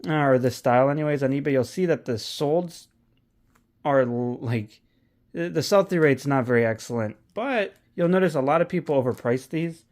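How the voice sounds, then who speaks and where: A man's voice: mid-range voice, normal speed, darkish tone. A man talking casually as an online reseller, candid and profane, rambling with frequent restarts. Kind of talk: casual vlog commentary.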